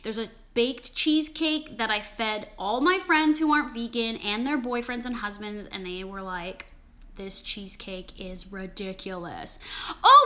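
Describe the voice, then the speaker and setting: Bright, chatty young woman streaming live. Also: a little high. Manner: casual, swears freely, chatty with lots of "like". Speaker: cookbook author and vegan food channel host.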